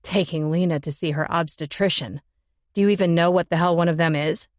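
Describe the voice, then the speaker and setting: A woman's voice: on the low side, steady tone, brisk, no room sound, clean studio sound, voice pushed down, close to an everyday voice. A woman voicing a blunt, mocking young male rock musician who needles his bandmate. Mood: lecturing. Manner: scoffing, needling.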